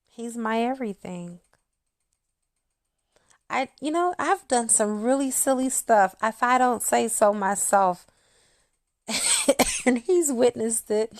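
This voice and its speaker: A woman's voice: on the high side, a little slow, creaky, long pauses, dry recording, studio quality. A woman in her thirties, a spiritual channel host, talking intimately to her viewers and acting out quotes as she tells a story. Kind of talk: casual monologue to viewers.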